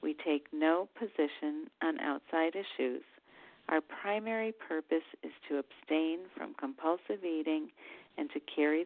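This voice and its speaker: A woman chairs a meeting and reads its opening text slowly and formally. Her voice sits low with a gravelly fry, and the phone line makes it thin and dry. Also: no echo. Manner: measured, formal reading. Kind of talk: reading a meeting preamble aloud. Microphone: phone call.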